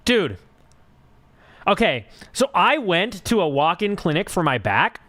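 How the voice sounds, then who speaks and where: High, lively young man streaming. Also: unhurried. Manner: rambling, filler-heavy storytelling with swearing. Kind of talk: casual live-stream chat.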